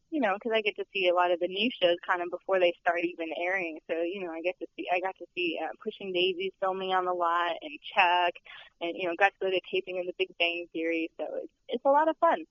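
A woman's voice: fairly low pitch, quick pace. A young woman who works as a studio tour guide, chatting in a bubbly, giggly way with lots of fillers. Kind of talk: casual interview chat. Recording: dull lo-fi sound.

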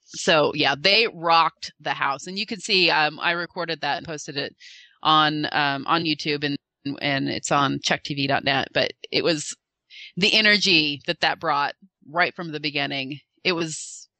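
A woman eagerly retelling a convention panel in casual chat, acting out the quotes with lively voice changes. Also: low voice, unhurried, no room sound. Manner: animated, acts out quotes with shifting voices. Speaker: fan recounting a convention panel.

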